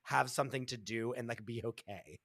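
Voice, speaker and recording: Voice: mid-range voice, brisk, gravelly, a bit bright, no room sound, studio quality. A podcast co-host in casual chat, rambling earnestly with lots of fillers.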